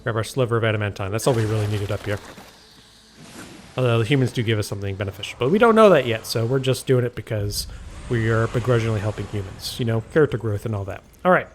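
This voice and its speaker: A man's voice: fairly low pitch, fast, a little hiss or hum. A man giving casual walkthrough commentary on a video game, rambling and correcting himself with wry asides, recorded at home on a desk microphone.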